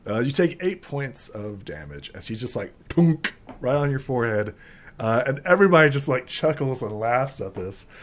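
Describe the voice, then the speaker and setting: A man's voice: mid-range voice, big pitch swings, normal speed, slight background noise. A man running a tabletop game as game master, narrating casually with lots of fillers and laughter.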